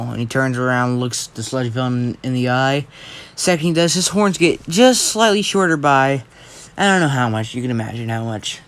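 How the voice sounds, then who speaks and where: A man's voice: medium pitch, normal speed. A man casually telling a fan-fiction story, rambling, restarting and swearing as he goes.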